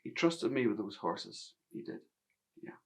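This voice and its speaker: A grown stableboy recalling his youth, played by a man with a Northern Irish accent. He tells it in an intimate, often hushed stage monologue with a lowish voice. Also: lively intonation, unhurried, creaky. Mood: reflective. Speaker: actor in a one-man play. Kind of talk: theatrical monologue narration.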